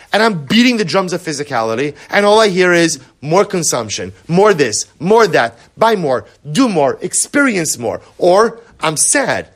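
A middle-aged man teaching a Torah class to his study group, animated and repetitive, often acting out inner voices. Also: a little high, moderate pace, hardly any pauses. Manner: animated, repetitive, acts out inner voices, mixes Hebrew terms.

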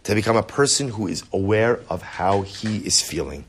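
A middle-aged man teaching a Torah class to his study group, animated and repetitive, often acting out inner voices. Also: fairly low pitch, normal speed, breathy edge. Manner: animated, repetitive, acts out inner voices, mixes Hebrew terms.

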